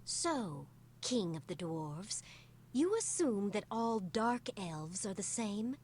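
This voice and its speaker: An actress voicing a proud, composed female dark elf in a video game, speaking in a cool, challenging way. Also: medium pitch, big pitch swings, slow pace, a little hiss or hum.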